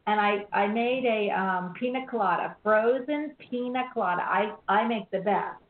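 A woman's voice: medium pitch, moderate pace. A bubbly woman in her sixties hosts a call-in show and talks a lot. The sound is echoey and tinny, like a phone line, with faint hiss behind it. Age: 60s. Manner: bubbly, talkative, laughs often. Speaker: radio show host. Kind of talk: chatty call-in show hosting.

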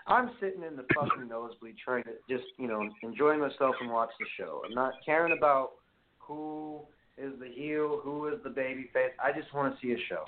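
A Brooklyn man with a New York accent hosts a casual call-in chat, wandering into long, profane stories. His voice sits at an ordinary pitch for a man. It comes through a tinny, phone-like line with a faint hiss behind it. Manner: rambling, profane, storytelling. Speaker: podcast host.

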